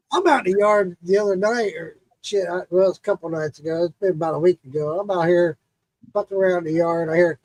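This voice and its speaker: A man with a high voice hosts a casual livestream and tells a neighborhood story full of swearing. He is lively and animated, and his voice comes through dry and close with no room echo. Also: fairly quick. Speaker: livestream host.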